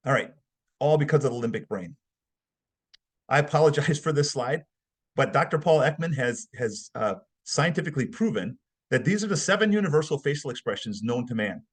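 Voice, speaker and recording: Husky-voiced man teaching a webinar. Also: medium pitch. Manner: conversational, emphatic, acts out examples. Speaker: behavioral analysis instructor. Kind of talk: webinar lecture.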